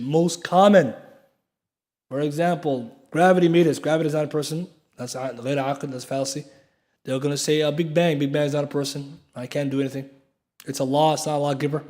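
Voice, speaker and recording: In a mosque, a man delivers a lecture to his students in a mid-range, darkish voice. The Islamic lecturer speaks emphatically, poses many rhetorical questions, and spells out important terms.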